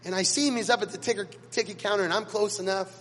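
A man, a pastor, preaching a sermon and telling stories dramatically, with sudden swings between quiet and loud. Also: high voice, fairly even intonation, fast talker, husky, big-room sound. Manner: dramatic storytelling with big swings in loudness. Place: church sanctuary.

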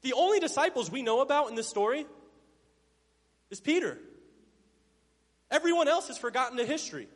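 A male pastor with a high-pitched voice delivers a sermon, swinging between loud emphasis and hushed asides. He acts out the lines of Bible figures playfully. The sound carries the long reverb of a big hall. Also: big pitch swings, a little fast, pauses often.

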